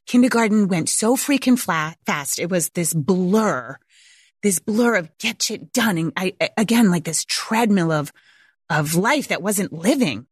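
Her voice is lowish with lively intonation, a breathy edge, and a measured pace, recorded without echo. She's a woman in her forties who homeschools, sharing a personal story candidly and casually, near tears and frequently swearing and laughing.

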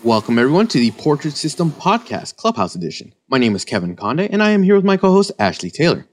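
A man's voice: fairly high pitch, wildly swooping pitch, fast talker. A man co-hosting a live photography podcast, talking in a jokey, friendly way. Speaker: podcast co-host. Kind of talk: casual live audio chat.

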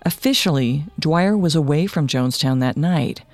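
A male podcast narrator with a slightly high, gravelly voice reads a scripted true-crime story. His delivery is measured and matter-of-fact, recorded dry and close with faint music underneath. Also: dry recording.

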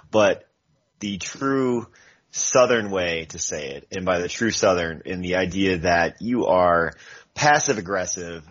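Deep male co-host, relaxed wry delivery, dull lo-fi recording. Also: measured pace. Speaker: podcast co-host. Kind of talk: casual football podcast chat. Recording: dull lo-fi sound.

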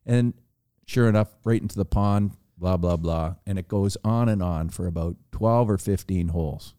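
A man telling a long, animated anecdote on a podcast, with frequent restarts. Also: low-pitched, moderate pace, clean tone, no echo, studio quality. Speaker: podcast guest. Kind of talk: casual storytelling.

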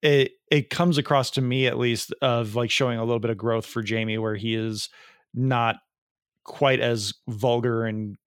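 Brief: relaxed male podcast host, mid pitch, dry close recording. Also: moderate pace, clear, resonant tone, no room sound. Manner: easygoing, laughs often, hedging. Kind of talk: casual chat.

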